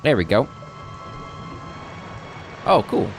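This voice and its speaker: A man's voice: mid-range voice, big pitch swings, slow pace, faint music behind. A man hosting a let's play, reading game text aloud and chatting in a rambling, easygoing way.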